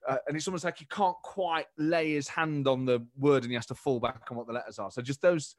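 A man from the of England, a comedian chatting as a guest, animated and quick to restart his sentences. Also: medium pitch, dry recording, clean studio sound. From Nottingham, England. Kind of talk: casual interview chat.

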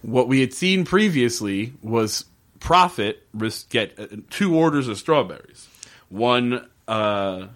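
A man's voice: medium pitch, takes it slowly. A man hosting a casual podcast, animatedly retelling a TV episode, swearing freely and acting out the characters' lines. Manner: animated and profane, acting out quotes.

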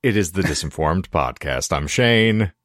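A man co-hosting a podcast with a hoarse, sore throat, telling long rambling stories with wry asides. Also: deep voice, lively intonation, unhurried, fairly bright tone, no echo, clean studio sound. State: hoarse throat after illness. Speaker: podcast co-host. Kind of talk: casual podcast chat.

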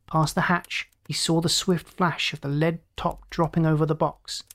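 A narrator giving a steady, dramatic audiobook reading. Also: medium pitch, normal speed, few pauses.

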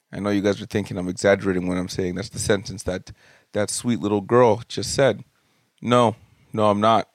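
Low-voiced man telling comic family stories. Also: fairly quick, dry recording, clean studio sound. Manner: animated, jokey, swears casually. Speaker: podcast host. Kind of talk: comedic storytelling monologue. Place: home studio room.

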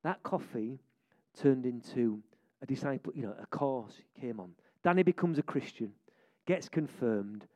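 A man preaching, telling stories in an excitable, jokey way. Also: medium pitch, moderate pace. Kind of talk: lively sermon storytelling.

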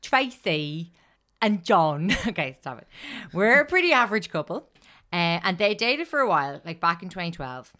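A woman with a low, smooth voice tells a story to her podcast co-hosts. She chats loosely, swears freely and laughs often. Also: big pitch swings, moderate pace, bright, forceful tone. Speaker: podcast co-host telling a story. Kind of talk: casual chat.

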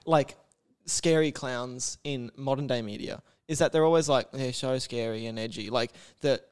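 A man's voice: medium pitch, normal speed, a little mellow, clean tone. A man co-hosting a podcast in casual, joking chat, swearing freely, laughing often and slipping into silly put-on voices. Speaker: podcast co-host.

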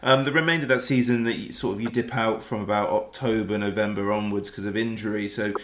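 A man's voice: fairly low pitch, steady tone, fast. A man hosting a fan podcast, interviewing a former player in a chatty, enthusiastic way. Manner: enthusiastic supporter, chatty, laughs easily. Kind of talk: casual interview.

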